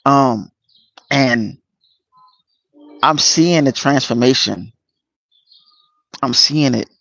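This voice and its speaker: A man hosting a casual livestream, greeting viewers by name and speaking earnestly and emotionally about his spiritual path, with many pauses and fillers. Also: medium pitch, creaky, fairly bright tone. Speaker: channel host. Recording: dull lo-fi dry sound.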